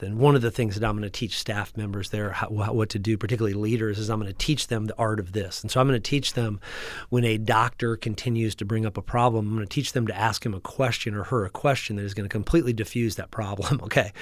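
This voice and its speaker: A man host coaching an audience in an energetic teaching talk, often checking in with his listeners and restarting his sentences. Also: lowish voice, fairly quick, no echo, studio quality. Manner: frequent restarts and repeated words. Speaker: practice growth coach and podcast host.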